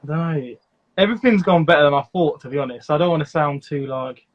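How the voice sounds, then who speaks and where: A man's voice: on the high side, fast talker. Hesitant male guest on a dull remote line. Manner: hesitant, lots of fillers and restarts. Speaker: guest breeder. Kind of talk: casual chat.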